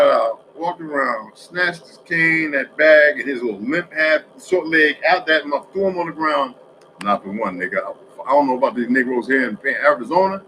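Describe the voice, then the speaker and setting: Profane, rambling man with a bright voice. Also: medium pitch, a little hiss or hum, rough recording. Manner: profane, rambling, streetwise storytelling. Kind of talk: rambling casual monologue.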